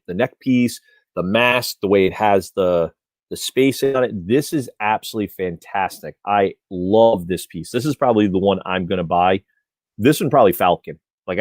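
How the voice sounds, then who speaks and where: A man co-hosting a toy news livestream, excitedly praising figures and often breaking off mid-word. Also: low voice, dry recording. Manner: excited, halting, trails off and restarts words. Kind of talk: casual chat.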